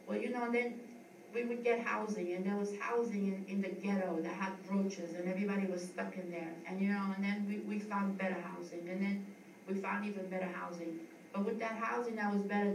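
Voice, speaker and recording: Middle-aged East Coast woman, yoga founder giving a rambling tribute speech, mid-pitched voice, picked up from afar in a noisy, echoey hall. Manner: rambling, with frequent restarts. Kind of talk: heartfelt speech to an audience. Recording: echoey room, distant mic, noisy.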